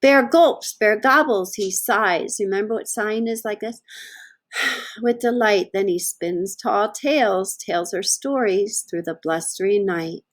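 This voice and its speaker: A woman teacher reading a picture book aloud to young children, stopping to ask them questions. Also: mid-range voice. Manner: slow, sing-song, asks children questions.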